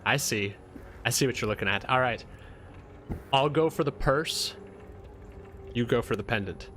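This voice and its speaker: A man voicing a scheming male street thief in a low, conspiratorial mutter. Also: moderate pace, fairly bright tone, a little hiss or hum, natural voice. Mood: sly.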